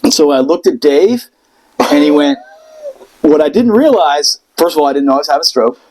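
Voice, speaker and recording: A middle-aged man with a slightly raised pitch tells his story in a loose, casual way. He is animated, slips into the voices of the people in it and swears freely. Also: fairly quick, low-quality recording. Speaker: podcast guest telling a story.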